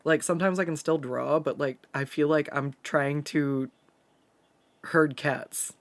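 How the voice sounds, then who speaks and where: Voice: medium pitch, steady tone, unhurried. A streamer from the Pacific Northwest chatting casually while drawing and reading chat aloud, swearing freely and laughing often.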